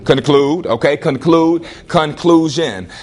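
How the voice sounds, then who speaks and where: A male teacher leading a classroom lesson, firing questions at students in lively call-and-response. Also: a little high, slow pace.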